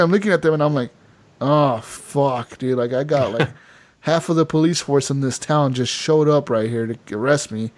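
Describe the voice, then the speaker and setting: Animated male podcast host telling a story. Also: on the high side, normal speed. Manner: animated storytelling with quoted voices and filler words. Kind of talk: casual gaming podcast chat.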